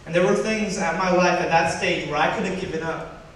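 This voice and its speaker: A man's voice: high-pitched, fairly quick, recorded from a distance, slight background noise. Young man telling a story, echoey hall. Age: young adult. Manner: animated storytelling, acting out quoted voices. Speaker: student speaker. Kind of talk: personal story talk.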